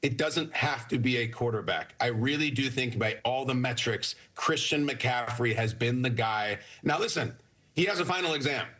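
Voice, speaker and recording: A man argues his football pick with emphatic conviction, his voice sharp and forceful. There is a husky grain to it. He speaks as a sports talk co-host in a lively debate. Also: medium pitch.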